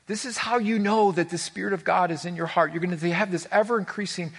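This pastor talks fast in a high, slightly rough and a bit bright voice with fairly even intonation. Preaching before a live congregation with a screen, he's earnest and emphatic, rising on key words and stumbling over repeated words when moved.

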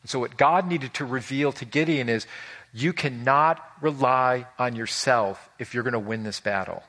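A male pastor preaching a sermon in an animated way, asking the congregation questions. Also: mid-range voice, normal speed.

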